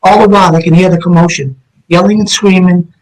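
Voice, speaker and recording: Middle-aged ex-cop guest, blunt intense storyteller, slightly higher voice. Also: male voice, steady tone, fairly quick, darkish tone, rough recording. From Massachusetts, USA. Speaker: guest, retired police detective. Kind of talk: personal story told in an interview.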